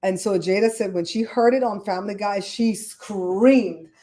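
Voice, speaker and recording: A woman with a Caribbean accent hosting a casual livestream show, chatty and animated as she tells stories and rants about grammar. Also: medium pitch, moderate pace. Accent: Caribbean English. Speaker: podcast host. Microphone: streaming setup microphone.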